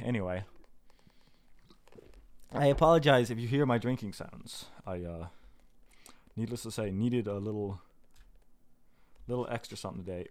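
A man's voice: on the low side, moderate pace, pauses often, a little mellow. A man chatting casually on his vlog from his basement office at home, rambling with lots of fillers, restarts and laughs. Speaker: video creator.

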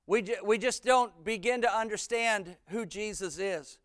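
A man preaching as senior pastor, earnest, dropping to a hush for scripture and climbing loud when stirred. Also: high voice, normal speed, smooth, dry recording, studio quality. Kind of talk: sermon.

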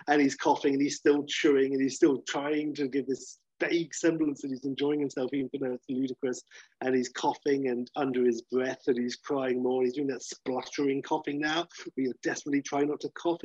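Husky man telling an animated story. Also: mid-range voice, no room sound. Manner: animated storytelling, many fillers, laughs, acts out scenes. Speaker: podcast co-host pitching a film idea. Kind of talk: casual comedic chat. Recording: dry, slightly dull lo-fi sound.

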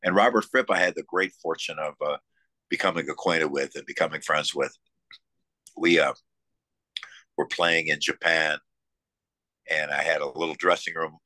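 A man from the Buffalo area with a very low voice that still sounds bright and forceful. He tells stories with enthusiasm but keeps stopping on fillers and restarting his sentences. The sound is dry and close, with no room echo. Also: steady tone. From United States, Buffalo area. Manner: halting, many fillers and restarts; enthusiastic storytelling. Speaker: musician guest. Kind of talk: casual interview conversation.

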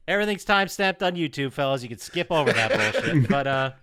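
A man hosting a casual podcast, running segments with lively, profane banter. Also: fairly high pitch, fast. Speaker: podcast host.

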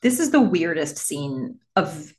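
A woman co-hosting a casual podcast, thinking out loud about a scene with frequent pauses and restarts. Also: low-pitched, big pitch swings. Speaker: podcast co-host. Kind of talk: casual rewatch podcast chat.

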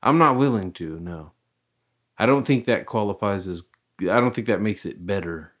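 Low-voiced man laughing through podcast chat. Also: expressive, normal speed. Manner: rambling, laughs a lot, swears. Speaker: podcast host. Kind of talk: casual chat.

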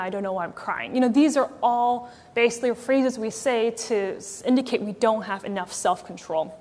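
In a church meeting hall before a live audience, a woman with a slightly high voice delivers a casual, conversational sermon in a big-room sound. She's the church's executive director, chatty and wry, with frequent ums and likes.

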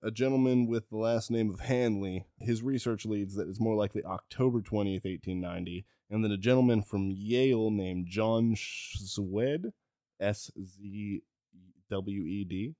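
A man's voice: fairly low pitch, measured pace, mellow, dry recording, studio quality. A man hosting a casual podcast, rambling and joking as he tells a history, stumbling over names. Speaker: podcast host. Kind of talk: casual chat.

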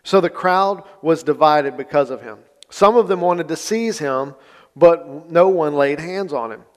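A man's voice: fairly high pitch, measured pace. A male pastor, preaching a sermon in a conversational, folksy manner. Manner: conversational, plain-spoken, folksy asides. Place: church sanctuary. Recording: long church reverb.

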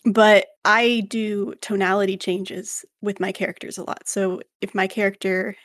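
A woman's voice: mid-range voice, flat delivery, unhurried, a bit bright, no room sound, clean studio sound. A woman who runs tabletop games, chatting casually on a podcast in a self-deprecating way. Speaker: game master and podcast co-host. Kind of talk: casual chat.

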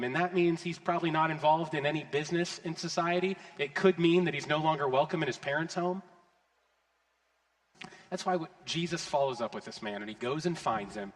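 A man preaching a sermon with passion, swinging from loud declarations to hushed, intense passages. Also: fairly high pitch, vocal fry. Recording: long hall reverb.

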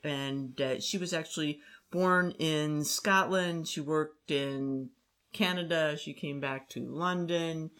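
A co-host in a casual talk show, speaking hesitantly, with many pauses and fillers. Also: medium pitch, fairly even intonation, fairly bright tone, clear, resonant tone. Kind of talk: casual conversational chat.

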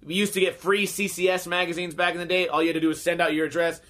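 A man's voice: high voice, fast. A man in his thirties telling casual, profane stories as a podcast host, acting out the people he quotes. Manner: profane, animated, acts out quoted voices. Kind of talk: casual storytelling chat.

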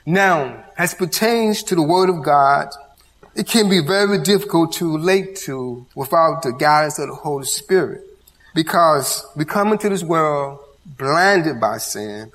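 A man's voice: fairly high pitch, fairly bright tone. A man giving an interactive church Bible teaching, quizzing his audience with call-and-response questions. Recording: long hall reverb.

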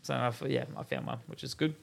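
A man's voice: mid-range voice, wildly swooping pitch, quick pace, creaky. A man co-hosting a dads' podcast, chatting casually, rambling a little and laughing often. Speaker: podcast co-host. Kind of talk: casual chat, telling a joke.

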